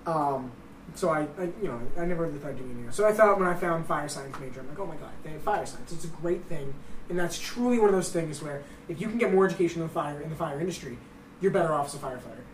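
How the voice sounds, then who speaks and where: A man's voice: fairly high pitch, expressive, very fast, slight background noise. A young man co-hosting a casual podcast, full of profane, self-mocking jokes and banter. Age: young adult. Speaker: podcast co-host. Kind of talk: casual chat. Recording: roomy echo, distant mic.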